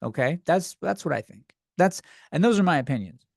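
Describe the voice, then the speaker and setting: A man with a slightly high voice vents on his comedy podcast. He swears often and sounds exasperated, with a pitch that swings widely. The sound is close and dry, with no room echo. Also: lively intonation, fairly quick, creaky. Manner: profane, exasperated ranting. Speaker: podcast host.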